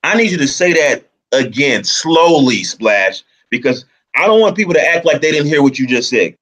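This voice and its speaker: Man, livestream host, deliberate, argumentative, explains at length. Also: fairly high pitch, animated, fairly bright tone, low-quality recording. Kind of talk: livestream commentary.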